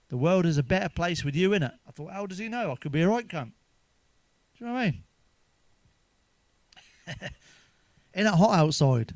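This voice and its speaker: Crude stand-up, middle-aged man, slightly high voice, dry close sound, swears freely. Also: darkish tone, no room sound. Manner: crude, swearing, laughs at own jokes. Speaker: stand-up comedian. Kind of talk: stand-up jokes told to camera.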